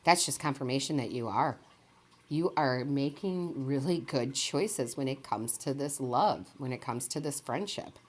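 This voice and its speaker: A woman with a strikingly deep, low-pitched voice talks her viewers through a tarot reading. She is chatty and enthusiastic, rambles off on tangents and laughs often. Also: measured pace. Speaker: tarot reader and medium. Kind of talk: casual tarot reading to camera.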